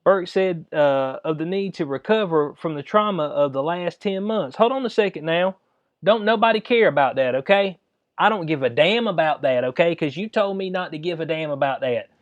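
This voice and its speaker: A man's voice: a little high, lively intonation, moderate pace, no room sound, muffled recording. A man hosting his own channel, giving heated, informal commentary with lots of slang, emphatic outbursts and frequent laughs. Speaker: channel host.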